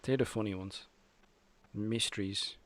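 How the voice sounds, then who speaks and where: A man's voice: fairly low pitch, steady tone, measured pace, fairly bright tone. A young Irish man hosting a casual live chat, joking and teasing his guest. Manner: jokey, teasing banter. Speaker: host.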